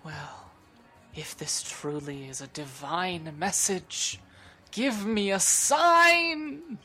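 A woman gives voice to an old, weathered dwarf man in a tabletop game, earnest and a little pleading. He is uneasy around children and hungry for a sign from above. The voice sits low and unhurried, with faint music behind. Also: fairly bright tone. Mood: wary.

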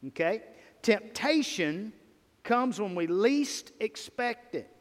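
Pastor, man, high tenor, emphatic sermon delivery, long hall reverb. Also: animated, takes it slowly. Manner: emphatic preaching, rising and falling in volume. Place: church sanctuary. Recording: long reverb of a church sanctuary.

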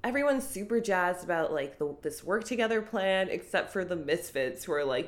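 A woman's voice: lowish voice, animated, moderate pace, hardly any pauses. A woman co-hosting a podcast, chatting casually with giggly, playful teasing. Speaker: podcast co-host. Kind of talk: casual recap chat.

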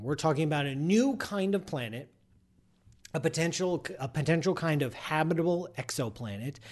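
A slightly high-voiced man hosts a live science show in a loose, casual way. He is animated and playful, working himself up into mock outrage and wandering off into digressions with plenty of restarts.

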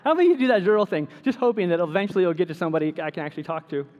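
Animated, high-voiced male pastor in a hall. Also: racing, highs cut off. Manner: storytelling, animated, laughs at his own stories. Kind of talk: sermon.

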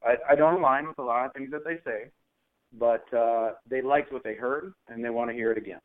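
Earnest, halting man candidate, phone-line sound. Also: medium pitch. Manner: earnest, halting, lots of fillers. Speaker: mayoral candidate guest. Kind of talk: casual interview answers.

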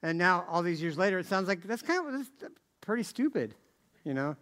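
A man's voice: sits high, very animated, brisk, a bit bright. A middle-aged man preaching a casual, conversational sermon, often asking "right?" and repeating phrases as he goes.

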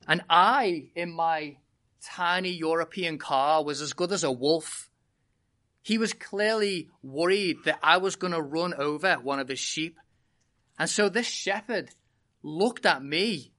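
A British-accented preacher delivers a sermon to a congregation, leading with a lively, humorous story. The voice is bright and crisp, with plenty of energy in the telling. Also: mid-range voice. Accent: British English. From Britain. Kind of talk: sermon with an opening personal story.

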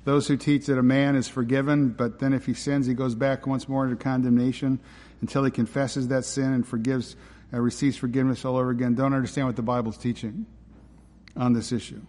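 A pastor's sermon, emphatic and conversational, is full of rhetorical questions for the congregation. His mid-range voice is brisk, level in tone and a little mellow. The recording carries a long hall reverb.

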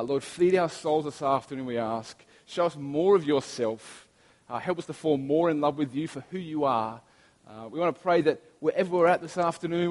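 A pastor in his thirties, with a fairly high, darkish voice, preaches a sermon that includes prayer. He tells stories in a chatty manner and restarts often, and the long reverb of a large hall colors everything.

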